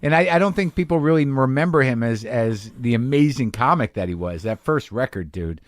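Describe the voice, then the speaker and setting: Podcast host guy, thinks out loud, restarts a lot, dry close sound. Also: medium pitch, animated, a little fast, dry recording. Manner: musing, trailing off, restarting phrases. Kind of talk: casual podcast conversation. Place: podcast studio.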